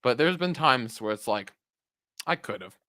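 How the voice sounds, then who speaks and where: Rambling young man, bright dry voice. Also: mid-range voice, animated, measured pace, no echo. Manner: rambling, self-interrupting, swears often. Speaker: podcast co-host. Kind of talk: casual chat.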